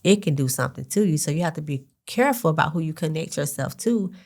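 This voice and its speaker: A woman with a lowish voice hosts a conversational podcast. She talks reflectively and a bit hesitantly, trailing into "um" and restarting her sentences as she works toward her questions. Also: animated, quick pace, a little mellow. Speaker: podcast host. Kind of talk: conversational interview.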